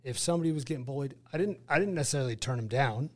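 Speaking rapid-fire at a medium pitch, this Utah man in his forties recounts his past as a retired fighter during a casual interview. He brings the tale to life by acting out each line of dialogue.

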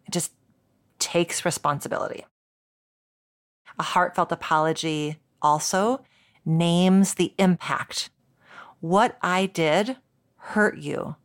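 A woman, a couples therapist hosting a podcast, teaching in a reflective way with soft laughs and spoken examples. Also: fairly low pitch, measured pace.

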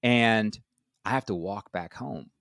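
A man's voice: lowish voice, slow pace, gravelly, a bit bright, no room sound, studio quality. A man in his forties, a guest telling his story candidly and acting out quoted voices with animation. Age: 40s.

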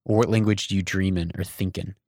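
A podcast host with a fairly low voice keeps asking quick, curious questions in easy conversation. The sound is dry and close to the mic. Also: male voice, steady tone, darkish tone, no room sound. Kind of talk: casual interview.

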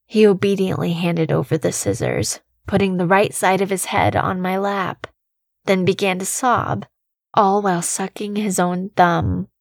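A woman reading a scripted horror story in the first person, slow and measured, with a quiet tension running through her storytelling. Her voice sits close to the mic in a dry, dead space. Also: mid-range voice, creaky, dry recording. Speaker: narrator.

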